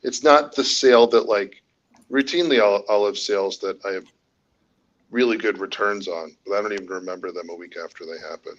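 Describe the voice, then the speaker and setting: A man with a fairly low voice answers questions on a casual live stream. He rambles, stops and starts, and corrects himself as he goes. The call audio is dull and lo-fi. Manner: rambling, halting, self-correcting. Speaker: guest reseller.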